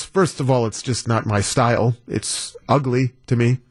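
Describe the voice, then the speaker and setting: Male talk radio host, slightly high voice, wry monologue style. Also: dry recording, clean studio sound. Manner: wry, incredulous storytelling. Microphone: studio broadcast mic.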